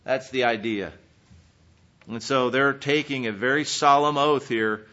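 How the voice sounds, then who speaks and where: A man preaching a sermon, earnestly reading scripture and swinging between emphatic peaks and quiet, searching questions. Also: medium pitch, a little slow. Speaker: pastor. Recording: dull lo-fi sermon recording.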